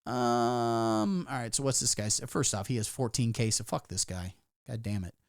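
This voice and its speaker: A man's voice: medium pitch, steady tone, normal speed, no room sound, studio quality. Sarcastic, rambling male streamer. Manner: sarcastic, rambling, swears a lot. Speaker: livestreamer. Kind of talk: casual live-stream commentary.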